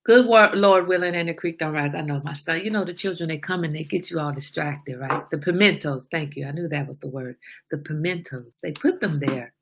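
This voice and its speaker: A woman's voice: sits low, brisk, husky. A woman in her forties hosting a casual livestream chat, talkative and laughing, teasing her son with mock exasperation. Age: 40s. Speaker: livestream host.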